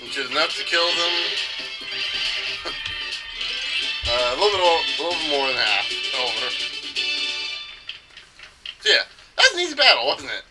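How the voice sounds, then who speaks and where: A man's voice: a little high, sing-song, normal speed, long pauses, rough recording. A man giving casual, hesitant gameplay commentary, rambling with fillers. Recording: loud video game music behind.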